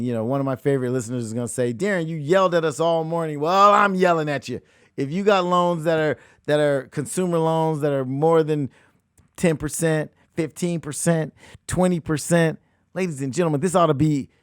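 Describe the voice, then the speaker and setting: A man with a fairly high voice coaches on real estate while hosting a money-focused talk show, speaking emphatically in an animated, motivational style. He repeats phrases, veering from loud bursts to hushed asides, and the studio-quality audio has no room sound.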